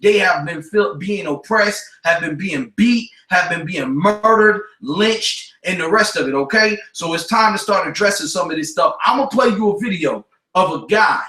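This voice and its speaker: Male radio host, preacher-style, slangy, repetitive, high bright voice in an echoey room. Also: normal speed, few pauses, recorded from a distance. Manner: forceful, repetitive, street slang, scriptural. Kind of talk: preaching talk radio commentary.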